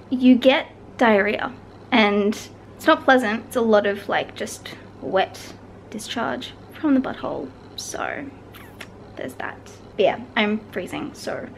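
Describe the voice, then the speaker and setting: A woman's voice: on the high side, a little hiss or hum, poor audio. A woman vlogging from her apartment, talking in a candid, rambling way and swearing freely. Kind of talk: casual vlog chat to camera. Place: at home in an apartment.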